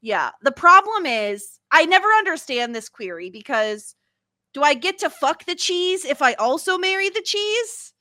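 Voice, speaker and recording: Lively, teasing woman podcast host. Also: high-pitched, moderate pace, dry recording. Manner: playful, emphatic and teasing. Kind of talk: casual podcast chat.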